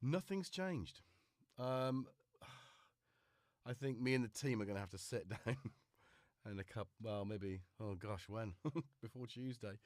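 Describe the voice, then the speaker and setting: This livestream host, speaking with a Liverpool-tinged British accent and clearly full of cold, rambles chattily and pokes fun at himself on a casual stream from his home studio. His voice sits on the low side, and he takes it slowly with long pauses on a dry recording.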